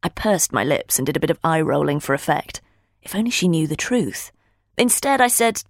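A woman, reading a first-person audiobook with expressive storytelling. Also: sits low, moderate pace, no room sound, clean studio sound. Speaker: audiobook narrator.

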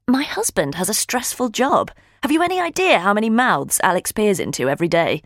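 A woman's voice: mid-range voice, big pitch swings, a little fast, dry recording, studio quality, voice pushed up. A woman voicing a prim, defensive wife of about forty who speaks in an indignant manner.

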